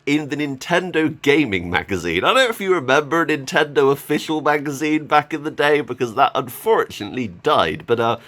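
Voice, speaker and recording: A man's voice: a little high, animated, a little fast, few pauses, fairly bright tone. A man talking casually in a vlog as he shows off a haul of games, chatty and enthusiastic, and he laughs often. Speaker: gaming YouTuber.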